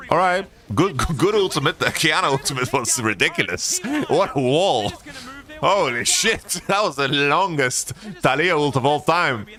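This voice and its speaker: A man co-streaming an esports match, talking over the action in a lively, swooping voice. His tone is bright and forceful, and he flips easily into loud, exasperated rants. He sounds close to a desk mic. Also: fairly high pitch. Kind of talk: live esports watch-along commentary.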